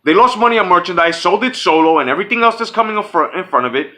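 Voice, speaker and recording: A man's voice: high-pitched, lively intonation, fast talker, sharp tone. Profane, heated man ranting. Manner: restarts and stumbles often. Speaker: channel host. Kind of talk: angry fan rant.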